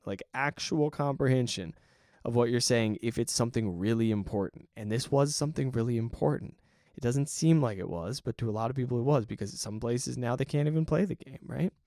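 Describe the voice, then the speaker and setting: A man talking through his solo podcast in a relaxed, conversational way, his pitch sitting in an ordinary middle range. He slips into quoted voices and keeps checking in with "right?". The recording is dry and close, with no room sound. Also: no echo. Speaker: podcast host.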